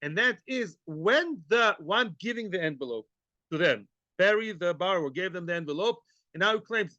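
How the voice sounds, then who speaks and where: A man giving a daily Talmud lecture, animated and acting out quoted claims, with Yiddish and Hebrew terms. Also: high voice, moderate pace, dry recording, highs cut off. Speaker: Talmud teacher.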